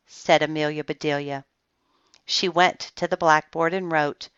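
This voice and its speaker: A woman reading a children's book aloud in a slow, expressive storytelling voice. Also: sits low, clean tone, no room sound, dull audio. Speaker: storybook reader.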